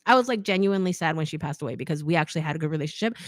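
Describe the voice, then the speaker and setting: A woman's voice: low-pitched, animated, racing, no room sound, studio quality. Chatty woman hosting a live Q&A. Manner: chatty, laughs often, says "like" a lot. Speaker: fashion YouTuber hosting a live Q&A. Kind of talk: casual livestream chat reading comments.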